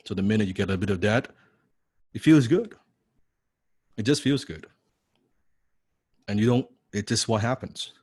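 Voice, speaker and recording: Brief: male coach, blunt and salty, drives points home, lowish voice, dry close sound. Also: slightly rough, dry recording. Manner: blunt, profane, keeps asking "right?"; repeats key lines for emphasis. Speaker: copywriting coach. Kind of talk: live online coaching class.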